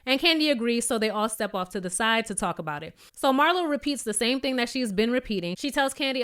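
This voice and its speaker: Woman, sassy and blunt, casual recap chatter, slightly high, smooth clear voice. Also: normal speed. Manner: sassy, blunt, animated asides with cursing. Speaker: reality TV recap host.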